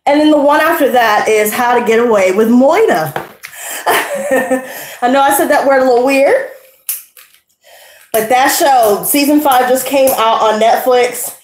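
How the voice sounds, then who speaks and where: A woman's voice: fairly high pitch, unhurried, echoey room, slight background noise. A woman hosting a tarot livestream, chatting casually in a brash, profane, slangy way and out of breath.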